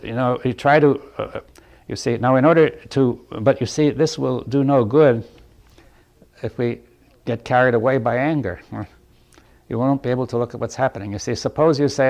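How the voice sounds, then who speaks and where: A man giving a reflective spoken talk to a small audience. He often restarts his phrases, checks in with his listeners, and chuckles softly between points. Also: mid-range voice, vocal fry.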